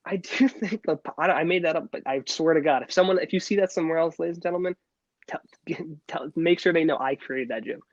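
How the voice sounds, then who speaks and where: A young man talks in quick bursts as a podcast co-host, tripping over restarts and fillers. His voice sits a little high, and the audio is dull and dry, like a lo-fi recording. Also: no room sound. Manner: rambling, many restarts and fillers. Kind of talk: casual chat.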